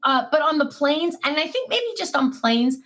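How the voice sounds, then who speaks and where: Woman, livestream host, chatty, self-mocking, casual chat at a desk, a bit high-pitched. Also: very animated, normal speed. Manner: chatty, self-mocking, warm replies to viewers. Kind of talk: casual chat reading viewer comments. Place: home desk.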